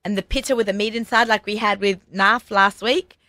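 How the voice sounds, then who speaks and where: A woman's voice: medium pitch, steady tone, pushed and bright, no echo. A woman from Australia with an Australian accent, hosting a radio chat show in a chatty, enthusiastic way. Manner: chatty, enthusiastic, quick restarts. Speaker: show host. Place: radio studio.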